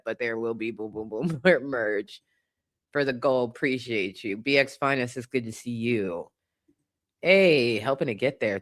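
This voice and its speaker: A chatty woman hosting a livestream, thanking viewers one after another. Her delivery is relaxed and conversational, with a casual swear now and then. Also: extremely low pitch. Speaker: livestream host. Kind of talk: casual livestream chat, reading viewer donations.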